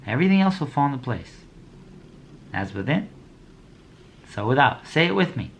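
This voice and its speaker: A man's voice: medium pitch, big pitch swings, normal speed, gravelly, a little hiss or hum. Blunt, preachy young man with street slang. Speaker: motivational speaker. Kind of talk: motivational talk to business owners.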